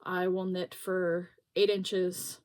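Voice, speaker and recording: Showing her projects on the knitting podcast she hosts, a middle-aged woman chats in a casual, self-deprecating way with lots of laughter. She speaks slowly with a fairly low, darkish voice and a flat delivery.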